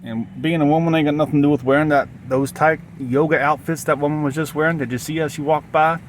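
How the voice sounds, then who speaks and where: A man's voice: fairly high pitch, steady tone, slight background noise. Loopy man rambling in fake Southern drawl. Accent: put-on Southern. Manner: halting, repetitive, full of restarts. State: sleep-deprived and loopy. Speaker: vlogger. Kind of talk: rambling monologue to camera. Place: outdoors in a parking lot.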